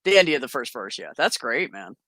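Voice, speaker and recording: A woman chats as a guest, telling stories in an animated way and laughing often. Her voice is bright with a lively pitch, recorded dry and close. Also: quick pace, no room sound. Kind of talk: casual storytelling.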